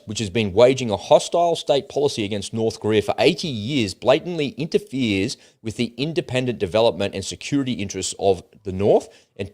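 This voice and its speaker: A man's voice: lowish voice, darkish tone. A man co-hosting a casual livestream, talking bluntly and animatedly, with frequent swearing. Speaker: co-host.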